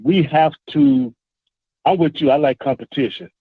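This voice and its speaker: A man's voice: fairly high pitch, slightly rough, no room sound. Earnest male caller on a tinny phone. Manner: earnest, halting, repeats words. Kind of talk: call-in sports talk. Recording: dry, tinny phone line.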